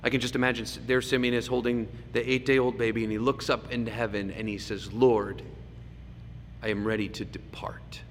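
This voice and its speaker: Guy preaching a sermon, medium pitch, gets loud then drops to a hush, big roomy hall echo. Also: level tone, brisk, few pauses. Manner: dynamic preaching, swings from loud emphasis to hushed asides. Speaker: pastor. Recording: echoey hall with faint background noise.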